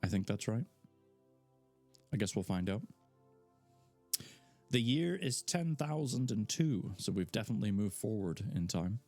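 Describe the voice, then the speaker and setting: A man's voice: on the low side, expressive, unhurried, long pauses, a little mellow, dry recording, soft background music. Man reading a fantasy novel aloud live. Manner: casual asides between narration. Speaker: audiobook reader.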